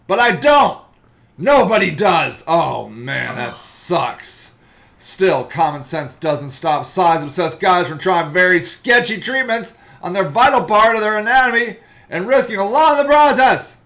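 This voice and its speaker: Excitable man with a lively, high voice. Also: a little slow, creaky. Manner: loud, excitable, mocking, jumps into silly voices. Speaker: podcast host. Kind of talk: comedic podcast chat reading a web article aloud.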